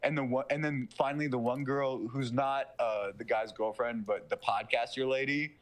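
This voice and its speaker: A young man in casual podcast chat, retelling a movie plot with slangy, profane excitement and quick mocking character voices. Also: medium pitch. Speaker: podcast co-host.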